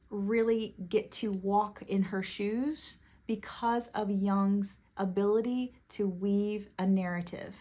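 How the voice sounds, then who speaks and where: A woman talking to camera about her favorite books, gushing and emotional, her quick bursts of talk sometimes turning tearful. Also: medium pitch, darkish tone. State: tearful at times. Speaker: book reviewer. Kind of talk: casual book talk to camera.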